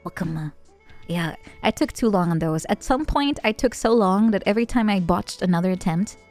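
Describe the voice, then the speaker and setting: A woman VTuber chatting casually on stream, playful and giggly, with sudden bursts of excitement. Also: medium pitch, brisk, faint music behind.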